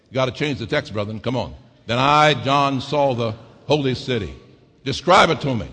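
A middle-aged man preaching a sermon as pastor, calling for amens and swinging from low murmurs to shouts. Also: vocal fry, breathy edge, in a large hall. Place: church sanctuary.

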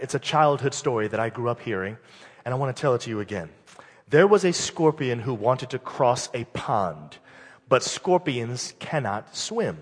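A male pastor preaching a sermon and telling a fable, animated and building to loud, fervent peaks in a church hall. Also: mid-range voice, husky. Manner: animated, building to shouted climaxes. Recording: long hall reverb.

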